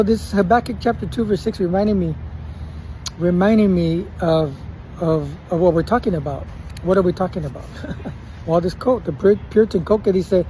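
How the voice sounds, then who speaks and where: Casual preacher man, high-pitched. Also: a little mellow, slight background noise, poor audio. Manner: casual, mixes Spanish words into English, chuckles often. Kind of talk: informal devotional sermon.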